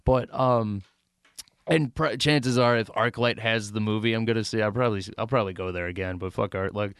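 A man with a low, smooth voice tells a story in loose, animated podcast chat. He mumbles the lines of the people he quotes. The sound is dry and close. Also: a little fast, no room sound. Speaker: podcast co-host. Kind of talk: casual chat.

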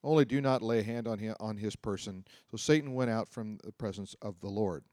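Speaking briskly in a lowish, darkish voice, a man reads scripture aloud and explains it conversationally in a sermon, regularly asking his listeners questions. The studio-quality recording has no room sound.

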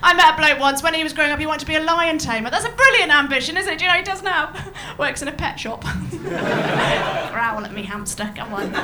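Chatty high-voiced woman doing stand-up. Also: expressive, fairly quick, very noisy. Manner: chatty, bawdy, laughing at her own jokes. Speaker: stand-up comedian. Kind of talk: stand-up set to a live audience. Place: comedy venue with a live audience.

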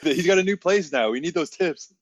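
A man's voice: a little high, fairly quick, breathy edge, no room sound. A man hosting a podcast in casual chat, joking and laughing often. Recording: slightly dull lo-fi sound.

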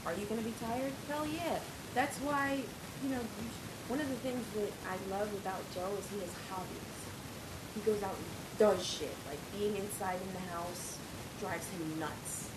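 A woman in casual chat who talks bluntly and profanely and laughs often. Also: medium pitch. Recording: roomy, distant mic, noisy.

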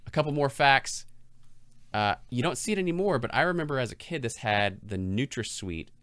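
Smooth-voiced middle-aged man, dry storyteller. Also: medium pitch, animated, a little fast, a bit bright, dry recording. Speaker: podcast co-host. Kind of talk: casual chat.

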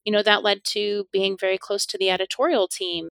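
A woman's voice: medium pitch, flat delivery, a little fast, vocal fry, fairly bright tone, no echo. A middle-aged woman, a podcast guest, telling stories in a casual interview, laughing often and acting out the speech she quotes.

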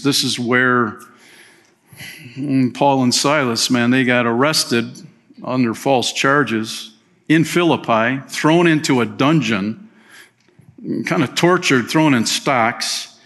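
A man preaching a sermon as pastor, telling a story in a relaxed, conversational way with chatty asides. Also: medium pitch. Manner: slips into playful voices for quoted people.

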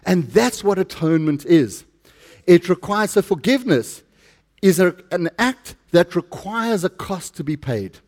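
A middle-aged South African man preaches with a notably high-pitched voice. He talks to his congregation in a loose, chatty way and slips jokes in between points. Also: animated, a little slow, a little mellow. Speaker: pastor. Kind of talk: sermon.

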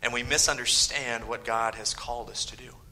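A man preaching a sermon as pastor, swinging from loud emphasis to hushed whispered lines and firing off mocking rhetorical questions. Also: medium pitch, fairly even intonation, brisk, poor audio.

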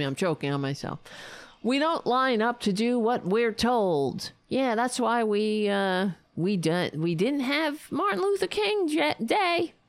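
A woman's voice: mid-range voice, no echo. A woman hosting a political talk show, ranting with profane, sarcastic mockery. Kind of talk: angry political commentary.

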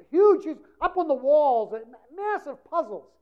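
A woman preaching a sermon with passion, swinging between loud emphasis and hushed passages. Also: high voice, animated, takes it slowly. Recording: dull lo-fi recording.

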